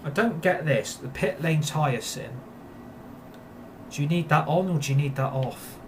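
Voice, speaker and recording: A man's voice: fairly high pitch, measured pace, slight background noise. A man angrily ranting about a video game, repeating himself and swearing. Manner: furious, repetitive, swearing. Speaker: gaming YouTuber. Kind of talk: angry gameplay rant.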